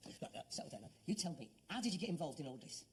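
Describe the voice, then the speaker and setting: Acting a grown son in a 1970s British sitcom, a middle-aged man with a London Cockney accent sounds sarcastic and exasperated. He talks fast in a fairly high voice with big pitch swings, and there's slight background noise.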